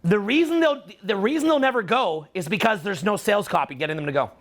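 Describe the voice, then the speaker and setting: A man's voice: high-pitched, expressive, fast talker. A middle-aged Canadian man with a Canadian accent giving a live seminar talk, profane and teasing. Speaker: seminar speaker.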